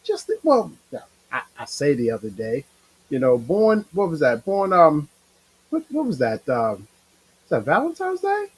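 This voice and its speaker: A middle-aged man hosting his own livestream show, talking in a rambling, emotional, animated way. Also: on the high side, moderate pace, breathy edge, low-quality recording. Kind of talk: casual livestream monologue.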